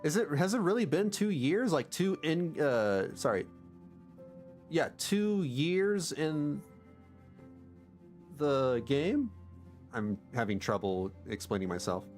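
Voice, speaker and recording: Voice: medium pitch, very animated, slow pace, long pauses, darkish tone, faint music behind. A game streamer reacting casually and animatedly to a story game, often laughing. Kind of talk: livestream gameplay commentary.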